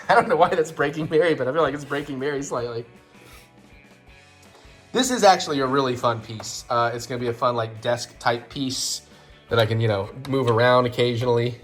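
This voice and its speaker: A man hosting a home vlog, joking and thinking out loud while he puts a toy together. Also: medium pitch, fairly quick, faint music behind. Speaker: vlog host. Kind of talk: casual chat while assembling a toy set.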